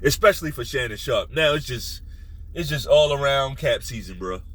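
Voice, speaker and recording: Blunt profane man ranting, bright voice. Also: normal speed, poor audio. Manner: blunt, profane, animated, drops to a low menacing tone. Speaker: sports commentary host. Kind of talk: casual opinion rant.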